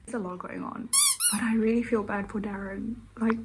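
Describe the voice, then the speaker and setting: A woman talking casually in a reading vlog at home, emotional, swinging between hushed whispers and excited outbursts. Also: mid-range voice, moderate pace, noisy background. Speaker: book vlogger.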